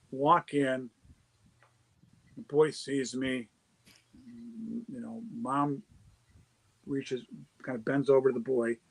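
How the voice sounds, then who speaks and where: A man, a charity founder appearing as a guest, telling an anecdote in a casual, animated way with quick restarts. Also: medium pitch, rough recording. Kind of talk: casual storytelling.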